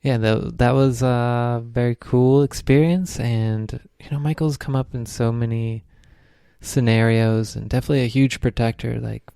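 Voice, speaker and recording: A man's voice: mid-range voice, steady tone, moderate pace, gravelly, mellow, smooth, no echo, clean studio sound. A young man, a podcast co-host, telling a rambling spiritual story in casual chat, full of "like"s.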